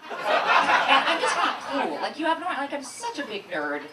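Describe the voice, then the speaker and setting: A brash female comedian works a club crowd with self-mocking punchlines, her voice high and widely swooping. The recording is distant and echoey, and loud crowd noise surrounds her. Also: very animated, a little slow. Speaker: stand-up comedian. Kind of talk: stand-up comedy set. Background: audience laughter.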